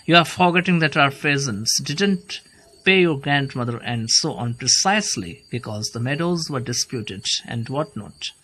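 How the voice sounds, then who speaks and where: Casting: man voicing patronizing older landowner, blustery, medium pitch. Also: lively intonation, moderate pace, sharp tone, slightly rough, poor audio. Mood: blustering. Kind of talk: play read aloud.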